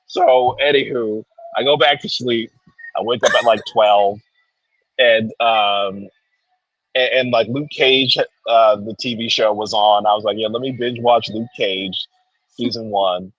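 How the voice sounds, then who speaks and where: A man's voice: on the low side, moderate pace, no room sound, dull audio. A young man with a New Jersey accent telling a story in casual chat, acting out what people said. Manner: animated, acts out quoted people. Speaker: guest comic creator.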